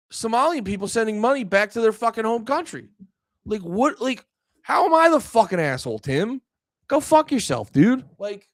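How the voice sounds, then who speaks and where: A high-voiced man in his thirties rants on a podcast, heated and profane. He jumps between shouting and low muttering. The sound is dry and close, with no room around it. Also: dry recording. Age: 30s. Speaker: podcast co-host. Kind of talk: profane political rant.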